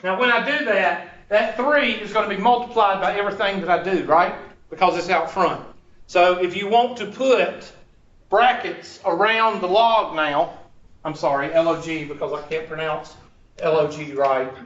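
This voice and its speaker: A man's voice: high voice, moderate pace, fairly bright tone, far from the mic. A man lecturing a math class, joking and teasing while he quizzes his students. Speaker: math instructor. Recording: echoey muffled room recording from afar with faint hiss.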